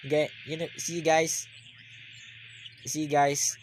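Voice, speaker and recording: A man giving live basketball reaction commentary, rambling and repeating himself, then bursting into excited yells. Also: a little high, slow pace, a little hiss or hum.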